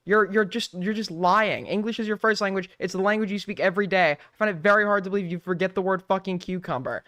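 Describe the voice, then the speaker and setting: A man's voice: high-pitched, fast, pushed and bright, dry recording, studio quality. A man hosting a stream, ranting in an incredulous, profane tone and repeating his points. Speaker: streamer host. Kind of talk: ranting commentary.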